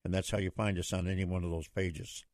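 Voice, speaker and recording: A man hosting a political talk radio show, delivering with a booming, theatrical announcer style. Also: level tone, quick pace, darkish tone, no room sound, clean studio sound.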